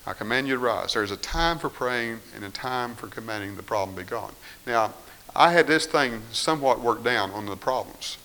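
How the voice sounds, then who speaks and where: Preacher, male, bright edge, dips quiet then rises loud, mid-pitched. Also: lively intonation, normal speed, rough recording. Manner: shifts between quiet firmness and raised, pleading voices. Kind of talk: sermon.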